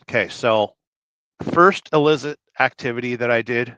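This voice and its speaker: A man's voice: mid-range voice, normal speed, bright, forceful tone, clean tone, no room sound. Rambling joking man on a livestream. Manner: rambling, joking, reads chat names aloud. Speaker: livestream host. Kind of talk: casual livestream chat reading comments. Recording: dull, dry sound.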